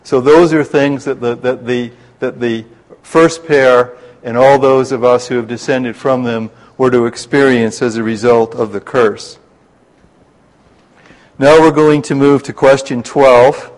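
A man leading a Bible study class, explaining scripture in a measured way and slowing down to spell out terms and quotes. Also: mid-range voice, steady tone, low-quality recording.

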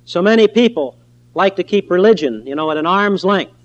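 A man preaching a sermon in an earnest, emphatic way, slowing down on key phrases. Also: sits high, expressive, muffled recording.

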